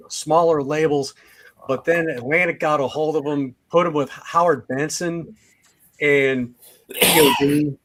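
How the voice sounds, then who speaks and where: A man's voice: a little high, a bit bright, dry recording. A man on a panel discussion, talking casually and enthusiastically about his favorite songs, with some fillers. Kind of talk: casual music panel talk.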